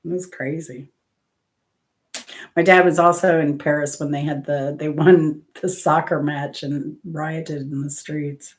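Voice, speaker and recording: Woman, deep voice, casual host chat, rambling stories, self-corrections. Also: fairly even intonation, unhurried. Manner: rambling travel anecdotes with self-corrections and laughs. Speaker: host of a music trivia channel.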